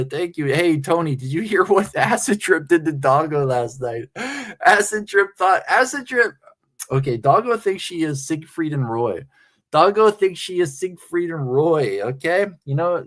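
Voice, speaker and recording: A man's voice: fairly high pitch, a bit bright. A male live streamer giving rambling, profane, amused commentary.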